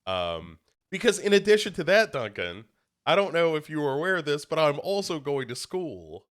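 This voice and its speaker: Very animated and fairly bright-toned, this young podcast co-host speaks at normal speed in a higher-pitched voice that is slightly congested. His casual chat rambles, pokes fun at himself, and restarts often.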